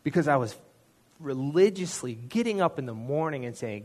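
Man, mid-pitched, sharing his faith story from the pulpit; earnest, chatty, pokes fun at himself. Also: lively intonation, normal speed, a little mellow. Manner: earnest, conversational storytelling with self-deprecating asides. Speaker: church speaker sharing a testimony. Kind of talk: personal testimony in a sermon.

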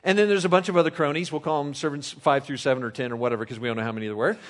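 Slightly high-voiced preacher, conversational. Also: male voice, steady tone, racing. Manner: conversational, jokes with the congregation. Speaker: pastor. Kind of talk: sermon.

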